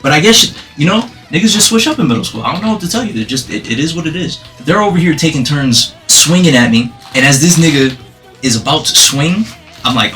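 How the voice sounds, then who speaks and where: A man vlogging a storytime, animated and profane, laughing as he tells it. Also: fairly high pitch, a little fast, faint music behind. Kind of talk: storytime vlog.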